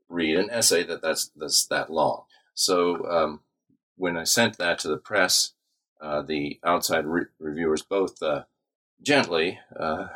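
A man with a very low, husky voice answers questions about his book in an academic interview. He speaks haltingly, with frequent fillers and self-corrections. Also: a bit bright. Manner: hesitant, many uh fillers and restarts. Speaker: author being interviewed.

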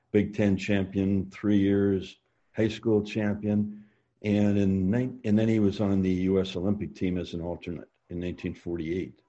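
A man with a low, deep voice and a mellow, dark tone tells long family stories in a relaxed interview. He rambles, stops to restart his sentences, and fills the gaps with "uh" and "you know.". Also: lo-fi sound. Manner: rambling anecdotes with frequent fillers and restarts. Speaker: interview guest. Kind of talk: storytelling in a casual interview.

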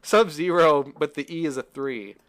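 A man's voice: a little high, moderate pace, fairly bright tone, clear, resonant tone. A young man co-hosting a casual podcast, talking in a rambling, self-deprecating way with frequent laughs. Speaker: podcast co-host. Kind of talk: casual film review chat.

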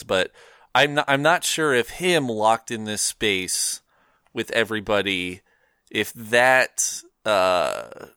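A man's voice: medium pitch, bright, forceful tone, dry recording, studio quality. A man co-hosting a podcast, chatting casually about films, rambling with lots of fillers and frequent laughs. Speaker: podcast co-host. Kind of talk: casual film discussion.

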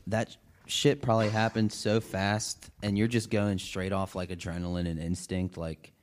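Young man, very deep voice, blunt, swears, easygoing casual chat. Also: little pitch movement, moderate pace.

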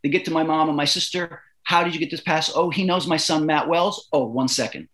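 Guest: middle-aged Canadian man, high bright voice, animated profane storyteller who does the voices. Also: a little fast. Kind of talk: storytelling in casual interview.

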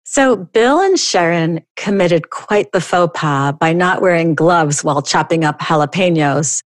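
Woman, middle-aged, podcast host, storytelling, animated, lowish voice, dry close mic. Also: measured pace, dry recording. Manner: animated storytelling, bursts higher for dialogue. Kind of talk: reading stories aloud.

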